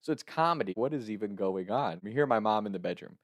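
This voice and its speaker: A man's voice: lowish voice, fast talker, dry recording, clean studio sound. A man telling a personal story in a casual way, often laughing as he talks. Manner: laughs often while talking, animated retelling.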